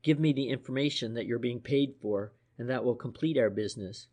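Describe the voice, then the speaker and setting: Impatient, curt gentleman, read by a man, sharp and direct, mid-range voice, audiobook role. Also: medium pitch, a little fast, natural voice. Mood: irritated.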